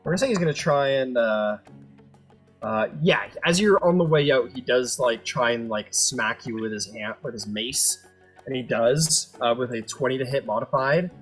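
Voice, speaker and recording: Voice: mid-range voice, normal speed, slightly rough, faint music behind. A game master narrating a tabletop game loosely, thinking aloud and losing count.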